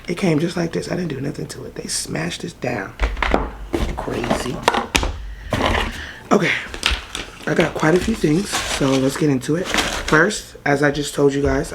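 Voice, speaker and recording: A woman's voice: low voice, gravelly, very noisy. A woman vlogger chatting casually through a makeup haul, swearing freely and breaking into song now and then.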